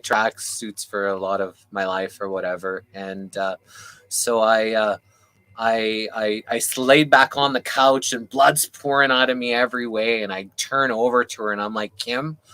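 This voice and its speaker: Man, casual storyteller on a video call; bright, animated voice that climbs when worked up. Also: medium pitch, low-quality recording. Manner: animated, voice rising with anger, swears casually. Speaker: panel guest.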